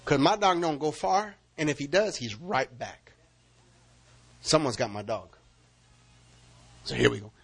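High bright-voiced animated preacher man. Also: measured pace, gravelly, pauses often, husky. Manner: animated, loud acted-out calls and laughter. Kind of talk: storytelling sermon.

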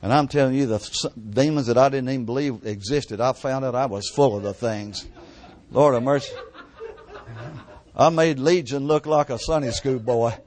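An older man preaching a sermon at a church service, telling his testimony with fervent repetition and dropping to hushed tones at the emotional peaks. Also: medium pitch, moderate pace.

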